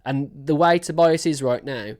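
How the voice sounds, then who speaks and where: Picture a woman with a low, deep-set speaking voice hosting a music reaction. She rambles happily, piling on fillers and gushing over what she hears, in a loose and casual commentary. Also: normal speed, background noise. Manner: enthusiastic, rambling with many fillers.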